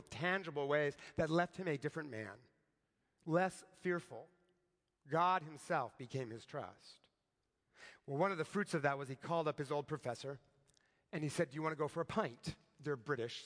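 A man's voice: on the high side, fairly bright tone, big-room sound. A man preaching a sermon, telling a story in a conversational way and often checking in with "right?". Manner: conversational, tag questions like "right?".

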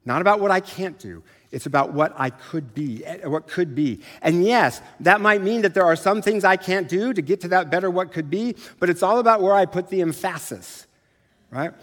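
A man's voice: high-pitched, normal speed. A middle-aged man preaching a sermon in a conversational, self-deprecating way. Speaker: pastor. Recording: long reverb of a large hall.

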